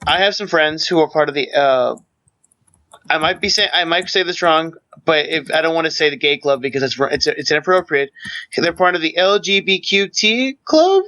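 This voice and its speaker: A man telling a story in casual podcast chat, talking fast and tripping over restarts. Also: fairly high pitch, expressive, pushed and bright. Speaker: podcast co-host. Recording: dull lo-fi mic.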